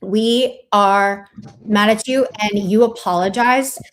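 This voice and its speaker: A woman's voice: medium pitch, a little hiss or hum. A woman on a livestream ranting in a scornful, sarcastic way at someone who let her viewers down. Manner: scornful, sarcastic, drawn-out delivery. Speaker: streamer. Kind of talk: mocking livestream rant.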